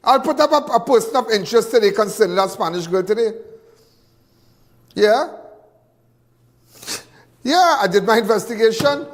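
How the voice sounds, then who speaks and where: Male crime-show host, very high voice, heated repetitive rant, reverberant room. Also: expressive, normal speed, pauses often. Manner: angry, repetitive, stumbling restarts. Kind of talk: impassioned live TV commentary.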